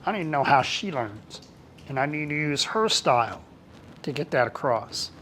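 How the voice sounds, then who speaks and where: A lively trainer speaks casually to a small workshop group, with a voice that swings widely up and down in pitch. The tone is colloquial and informal, and bits of dialogue get acted out along the way. Faint background noise sits under the voice. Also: moderate pace. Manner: animated and colloquial, acts out quoted dialogue. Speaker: workplace trainer.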